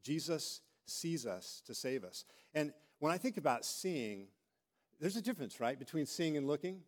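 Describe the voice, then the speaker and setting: A middle-aged man preaching a sermon as a pastor, telling stories with animated delivery and acting out quoted voices. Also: on the high side, normal speed.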